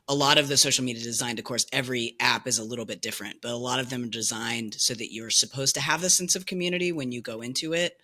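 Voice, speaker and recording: A man on a casual podcast, talking hesitantly and thinking aloud with many pauses. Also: medium pitch, pushed and bright. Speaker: podcast co-host. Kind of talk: casual group chat.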